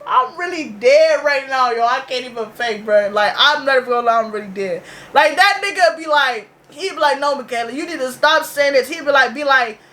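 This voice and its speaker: High, bright-voiced young woman ranting casually. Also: moderate pace, hardly any pauses. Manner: loose, profane slang-heavy storytelling. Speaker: reaction video host. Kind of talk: casual reaction vlog.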